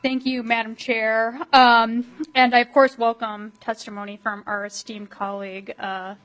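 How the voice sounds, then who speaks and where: A woman, a state legislator presenting a bill at a committee hearing, quick and animated with many fillers. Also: a little high, rough recording.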